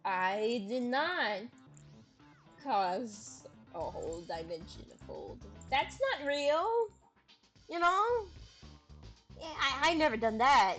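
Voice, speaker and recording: A woman's voice: fairly high pitch, fairly bright tone. Giggly, swearing woman streamer. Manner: giggly, swears freely, riffs on jokes. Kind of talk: casual gameplay commentary.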